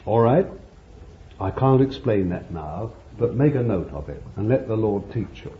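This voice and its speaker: Male preacher with a folksy, conversational sermon delivery and an animated pitch, on a muffled lo-fi recording. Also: moderate pace. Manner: folksy, conversational preaching with many "you see" asides. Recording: muffled lo-fi recording with faint hiss.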